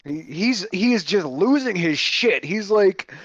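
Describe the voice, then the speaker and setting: A man's voice: high voice, a little slow, no echo. A man hosting a podcast, telling a story in a casual way, swearing a lot and stumbling over his words, on dull lo-fi audio. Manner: animated, profane, full of restarts. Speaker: podcast host.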